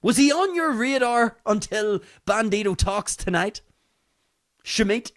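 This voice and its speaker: A man's voice: high voice, lively intonation, slow, fairly bright tone. A man hosting his own podcast, giving mocking news commentary full of rhetorical questions and casual swearing. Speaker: podcast host.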